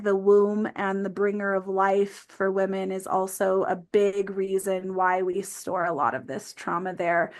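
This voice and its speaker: A woman physical therapist talking earnestly as a podcast guest, with frequent "um" and "like" fillers. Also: medium pitch. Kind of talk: explanatory interview talk.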